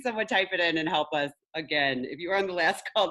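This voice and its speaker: A woman's voice: deep voice, expressive, brisk, pushed and bright. A woman who works as a mindset coach tells a personal story in a candid, emotional way during a live online class. She laughs at her own slips and speaks straight to her viewers.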